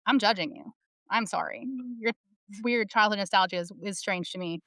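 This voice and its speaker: A woman's voice: mid-range voice, normal speed, no echo, clean studio sound. A woman in her thirties talking candidly and animatedly in a casual discussion, telling stories and swearing freely. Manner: candid, profane, animated storytelling. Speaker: panel speaker.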